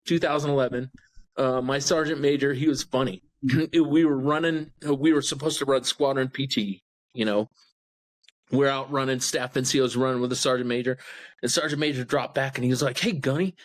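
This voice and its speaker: A man's voice: mid-range voice, steady tone, brisk, rough recording. A man in his sixties, a retired Marine guest, telling blunt anecdotes with frequent chuckles on a casual podcast. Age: 60s.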